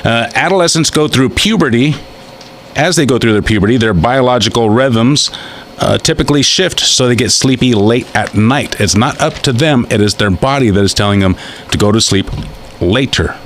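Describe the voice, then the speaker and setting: A man's voice: mid-range voice, normal speed. Man, radio host, rambling casual talk, stumbling news reading, faint background hiss.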